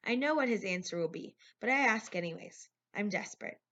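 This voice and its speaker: A woman reading a novel aloud in first person, with plain, steady storytelling. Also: on the low side, fairly quick, few pauses. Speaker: reader. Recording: lo-fi recording.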